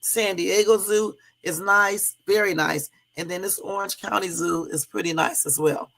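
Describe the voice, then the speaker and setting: A woman from Southern California chats on her own livestream, loose and talkative. She speaks straight to her viewers in a relaxed, easygoing flow and laughs often. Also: mid-range voice, normal speed, vocal fry. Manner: chatty, laughing, addresses viewers as y'all. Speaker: livestream host. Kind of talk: casual livestream chat.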